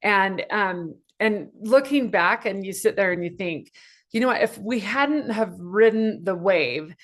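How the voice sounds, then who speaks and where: Animated woman telling a story. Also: medium pitch, measured pace. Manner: animated, acts out quoted voices, many fillers and restarts. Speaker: guest speaker. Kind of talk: casual storytelling. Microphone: video call.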